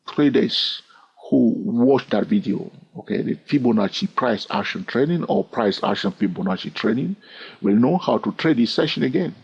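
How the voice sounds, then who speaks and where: A man's voice: mid-range voice, lively intonation, moderate pace, gravelly, darkish tone, breathy edge. A man with a non-native accent teaching chart trading in a chatty, teasing way, often checking in with his viewers. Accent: non-native English. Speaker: trading educator. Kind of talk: screen-recorded chart lesson. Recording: dull lo-fi sound.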